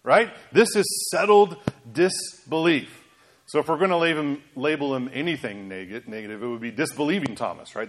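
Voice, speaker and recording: Emphatic male preacher, animated. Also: fairly high pitch. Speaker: pastor. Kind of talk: sermon.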